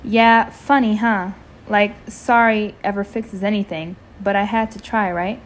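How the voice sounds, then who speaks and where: A woman voicing a frightened, angry teenage boy in a storybook reading, loud and desperate. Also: mid-range voice, fairly even intonation, measured pace, close to an everyday voice. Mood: desperate defiance.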